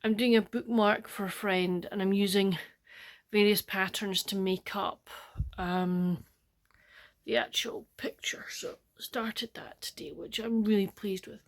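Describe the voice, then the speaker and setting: An older woman with a Scottish accent, chatting in a rambling, soft-spoken way for her diary-style book vlog at home, often dropping close to a whisper. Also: medium pitch, fairly even intonation, measured pace. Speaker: book vlogger.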